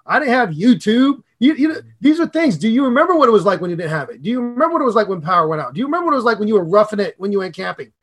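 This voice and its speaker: A middle-aged man co-hosting a podcast on public speaking, talking in an excitable, animated way with big jumps in pitch and loudness. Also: very fast, hardly any pauses, breathy edge. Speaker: podcast co-host and speaking coach.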